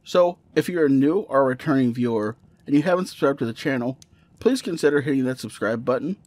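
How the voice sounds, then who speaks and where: Un hombre, presentador de un canal de terror, que lee en voz alta una historia de miedo con narración pausada y constante. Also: male voice, mid-range voice, dry recording. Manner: steady storytelling narration. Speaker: horror story narrator and channel host. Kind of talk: reading a creepypasta aloud.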